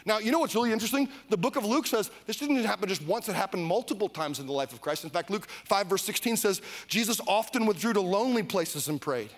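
A man from Iowa preaching a sermon as a pastor, animated, with mock voices and calls for the crowd to repeat. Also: high voice, fast, hardly any pauses. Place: church service.

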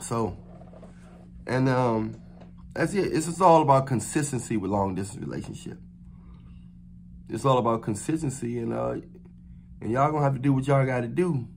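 A man's voice: medium pitch, normal speed, vocal fry, pauses often, darkish tone, a little hiss or hum. A man talking to camera in a casual, unscripted advice vlog. He rambles loosely, with many fillers, restarts and slangy phrasing. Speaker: vlogger giving dating advice.

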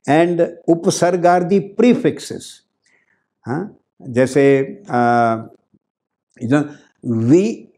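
A man's voice: mid-range voice, dark tone. An older man with an Indian accent, a professor explaining grammar in a lecture, repeating key words and adding Hindi asides. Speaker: professor giving a talk on grammar.

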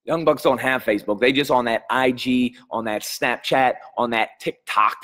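A man's voice: mid-range voice, fairly even intonation, normal speed, fairly bright tone, big-room sound. A man hosting a live stream as a coach, chatting energetically and greeting viewers by name while a little under the weather.

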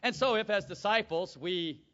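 A man preaching a sermon to a congregation, swinging from quiet asides to shouted peaks and calling for amens. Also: high-pitched, normal speed, big-room sound, highs cut off.

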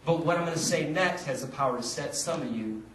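A male pastor with a high voice delivers an animated sermon, acting out conversations as he tells his story. He is heard from a distance in a roomy church sanctuary, with faint background noise. The sound has a lingering echo. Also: a little fast. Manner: lively, animated storytelling with acted-out dialogue.

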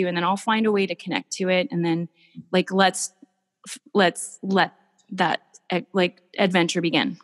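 A woman artist telling stories in a casual interview, gushing and animated. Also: on the low side, moderate pace, long reverb tail. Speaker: artist guest.

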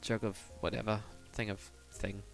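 Guy streaming a build, low-ish voice, mutters along, answers chat, quiet music underneath. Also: flat delivery, normal speed, creaky. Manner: rambling, thinks aloud, mutters to himself; reads out and answers viewer chat. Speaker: live streamer. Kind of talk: casual live stream chat while building in a game.

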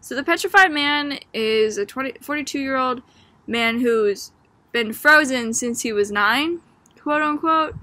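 A young woman with a Boston accent talks through a book in a loose, chatty way, leaning on "like" and "um" as she goes. Her voice sits a little high and sounds bright and forward. The sound is dry and close, with almost no room around it. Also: a little slow, no room sound. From Boston, Massachusetts. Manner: chatty, filler-heavy with frequent "like" and "um"; amused, laughing as she talks. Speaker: student. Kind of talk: casual book discussion.

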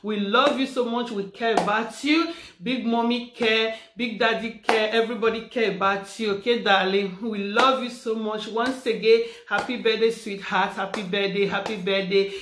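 A woman's voice: fairly high pitch, steady tone, normal speed, background noise. A woman, talking fervently in a birthday vlog, repeating her phrases and praying aloud. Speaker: vlogger. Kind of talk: heartfelt birthday vlog with prayers. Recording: echoey room.

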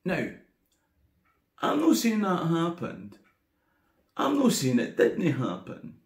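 A man's voice: fairly high pitch, wildly swooping pitch, slow pace, reverberant. A man with a Scottish accent telling a comic history tale in a chatty way full of wry asides. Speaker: history tour guide storyteller. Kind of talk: casual comic storytelling.

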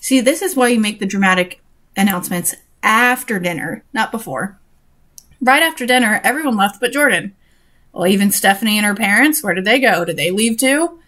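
A woman's voice: mid-range voice, animated, a little fast, a bit bright. A young woman reading a story aloud and breaking off for sarcastic, exasperated comments on it. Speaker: reader and commentator.

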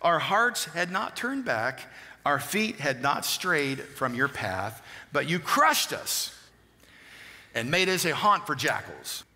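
A man preaching a sermon, reading long scripture passages aloud and checking in with quick questions to the congregation. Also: a little high, sing-song, sharp tone. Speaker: pastor. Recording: long hall reverb.

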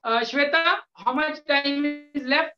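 A male English lecturer with an Indian English accent, patiently explaining to a class with frequent pauses. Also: very high voice. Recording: echoey room, dull lo-fi sound.

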